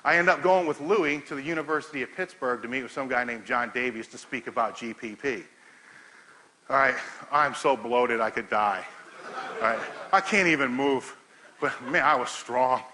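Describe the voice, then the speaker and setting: A middle-aged man giving a talk to an audience, telling a profane, laughing story in an animated way. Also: medium pitch, rough recording. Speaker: powerlifting coach giving a talk.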